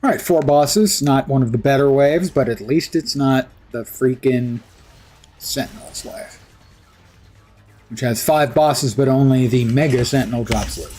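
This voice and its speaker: Husky-voiced male streamer, dry sarcastic gameplay commentary. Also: medium pitch, a little slow, a little mellow. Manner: sarcastic, wry asides to chat. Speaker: livestream gamer.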